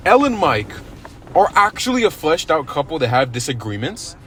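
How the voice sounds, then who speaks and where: A man's voice: on the high side, big pitch swings, fairly quick, a bit bright, slight background noise. A young man co-hosting a podcast in casual chat, agreeable and stressing words for emphasis. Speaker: podcast co-host.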